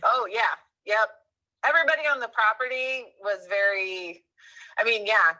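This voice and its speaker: Woman, thirties, podcast guest, bright tone, casual rambling storytelling. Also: a little high, normal speed, rough recording. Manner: animated, rambling with fillers and self-corrections.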